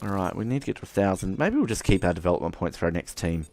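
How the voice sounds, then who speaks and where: A young man giving casual, chatty commentary over his racing game career, swearing now and then and getting excited at the starts. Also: deep voice, very fast. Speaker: gaming channel host. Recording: game engine noise behind voice.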